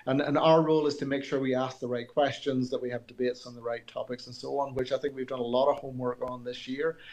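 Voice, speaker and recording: A man's voice: mid-range voice, level tone, fast talker, darkish tone. A man, a company executive, answering radio interview questions earnestly with frequent restarts. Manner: hesitant restarts, earnest explaining.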